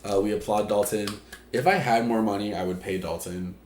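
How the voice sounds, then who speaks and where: A man's voice: fairly low pitch, a little fast, darkish tone, slight background noise. Chatty, joking man in an echoey room. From Puerto Rico. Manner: chatty, swearing, loose and joking. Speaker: stream host. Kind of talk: casual chat.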